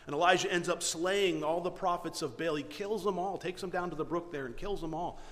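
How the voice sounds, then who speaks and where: Animated preacher in a reverberant hall. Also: male voice, sits high, fairly quick. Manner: animated storytelling with frequent restarts. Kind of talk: sermon.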